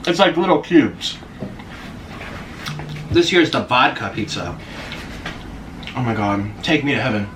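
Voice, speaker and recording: A man in his twenties chatting in a casual mukbang vlog, excitable and gushing. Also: medium pitch, unhurried, pauses often, noisy background. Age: 20s. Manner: excitable, gushing, many gasps and squeals. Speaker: vlogger. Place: apartment in a busy city. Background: faint street ambience.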